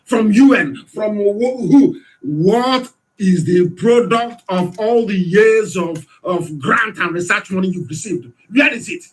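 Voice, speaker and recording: A man with a Nigerian accent giving an impassioned political radio address, hectoring his listeners with rhetorical questions and sometimes shouting. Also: sits high, slow pace. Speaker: radio broadcaster.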